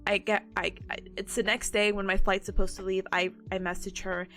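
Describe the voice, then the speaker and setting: A woman's voice: medium pitch, fairly quick, soft background music. A woman in her twenties, a streamer, chatting casually and acting out the people in her story. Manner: animated, acts out quoted people.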